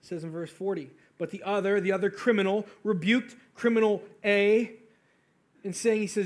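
High-voiced man preaching a sermon. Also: normal speed. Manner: earnest, rises to fervent emphasis. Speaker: pastor.

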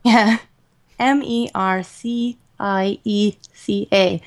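A woman co-hosting a podcast in casual chat, talking in an animated, rambling way with lots of fillers and laughter. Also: mid-range voice, drawn-out words. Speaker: podcast co-host.

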